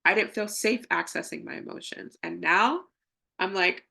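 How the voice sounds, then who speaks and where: A woman's voice: on the low side, moderate pace, gravelly, bright, forceful tone. A young adult woman, a spiritual coach, chatting casually and acting out inner voices with frequent laughs. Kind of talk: casual spiritual teaching talk.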